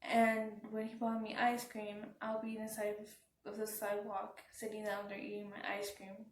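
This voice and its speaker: A woman's voice: medium pitch, monotone. A woman recounts a personal storytime in a level, unvaried voice, often stopping and restarting her sentences. She sits some way off the mic in an echoey room, with a faint hum of ambience behind her. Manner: halting, subdued retelling with restarts. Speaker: vlogger. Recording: roomy, from some distance off the mic.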